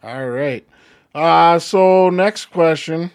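Hoarse, giggly man. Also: a little high, very slow. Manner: giggly, laughs often. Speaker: podcast co-host. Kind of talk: casual chat.

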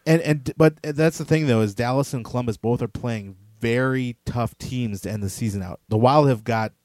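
A man's voice: mid-range voice, normal speed, a little mellow, no echo. A man co-hosting a casual sports podcast, eager and tripping over repeated words as he makes his point. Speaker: podcast co-host.

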